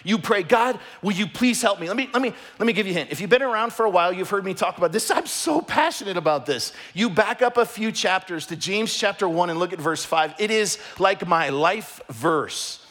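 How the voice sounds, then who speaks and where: A middle-aged man preaching a sermon as pastor, passionate and emphatic, often lifting his voice close to a shout. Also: high voice, lively intonation, fairly quick, few pauses.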